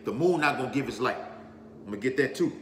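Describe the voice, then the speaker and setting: A man's voice: mid-range voice, lively intonation, brisk. A man preaching on scripture with force, repeating himself as he builds and checking in with "all right?" and "okay?". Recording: echoey hall with faint background noise.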